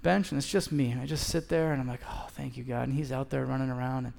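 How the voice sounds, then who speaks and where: A man's voice: mid-range voice, steady tone, fast, gravelly, a little mellow. A man in his thirties preaching a sermon as a pastor, telling a story and acting out both sides of the conversation. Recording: long hall reverb.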